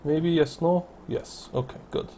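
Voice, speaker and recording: A man's voice: fairly high pitch, measured pace, dark tone, slight background noise. Rambling man narrating a city-building game. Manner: rambling, thinking aloud, self-correcting. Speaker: let's play commentator. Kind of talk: casual gameplay commentary.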